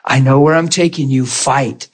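A man's voice: medium pitch, normal speed, slightly rough. A middle-aged man preaching a conversational sermon to a small class. He asks the room for agreement and acts out prayers and God's replies in quoted voices.

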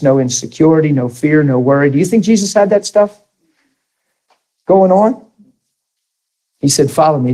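A man's voice: a little high, mellow, rough recording. A man preaching a sermon, telling a story and asking the audience questions.

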